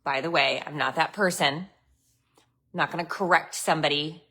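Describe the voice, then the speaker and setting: Woman, host, casual storytelling, chatty, laughs a lot, lowish voice. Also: moderate pace, pushed and bright.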